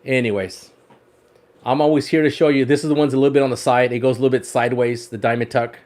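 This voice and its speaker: A man's voice: mid-range voice, steady tone, fast, darkish tone. A man hosting a fishing livestream in casual chat, showing off his rod wraps, often repeating words and laughing.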